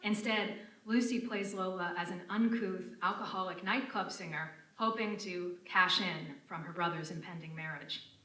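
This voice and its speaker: A woman from Connecticut reading a prepared academic paper aloud to an audience in a university lecture room, with measured, formal delivery. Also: lowish voice, steady tone, bright, forceful tone. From United States (Connecticut). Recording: roomy and distant lecture-room sound.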